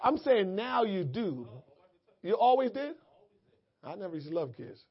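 Male pastor, high and husky voice, casual preaching into fervent prayer, muffled recording. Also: very animated, unhurried, some chatter behind. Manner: conversational preaching building to fervent shouted prayer. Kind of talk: sermon and prayer. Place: church.

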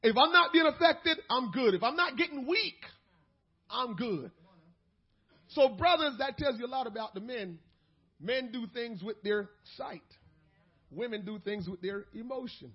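A man preaching a sermon as pastor, dropping to quiet asides and building to shouted peaks. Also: very high-pitched, animated, unhurried, breathy edge, highs cut off.

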